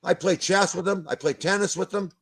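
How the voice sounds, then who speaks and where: A man's voice: high-pitched, fairly quick, creaky, a little hiss or hum. Ranting older man. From Canada. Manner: ranting, blunt, swears, repeats words. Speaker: guest. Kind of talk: heated video-call discussion.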